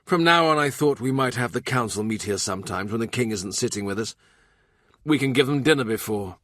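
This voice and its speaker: Man voicing a grave, measured statesman. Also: mid-range voice, no room sound, studio quality, natural voice. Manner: grave and calm.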